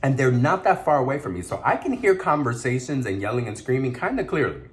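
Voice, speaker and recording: A man's voice: medium pitch, big pitch swings, quick pace. Chatty man eating while telling stories. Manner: chatty, laughing, mixes in Spanish words. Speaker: mukbang vlogger. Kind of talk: casual story time while eating.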